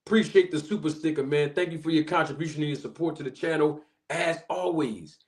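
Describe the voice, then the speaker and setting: Animated man hosting a live stream. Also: on the high side, brisk. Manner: animated, shouting out viewers. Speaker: livestream host. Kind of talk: casual live-stream chat.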